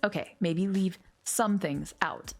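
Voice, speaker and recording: A woman reading the lines of a dim-witted male cat detective in a wry, deadpan way. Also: medium pitch, slow pace, faint music behind.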